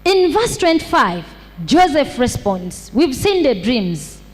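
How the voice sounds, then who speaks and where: Woman pastor preaching in a church hall, high voice, lots of reverb, hammers each point over and over. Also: sing-song, breathy edge. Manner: slow, repetitive emphatic preaching with rhetorical questions. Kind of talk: sermon.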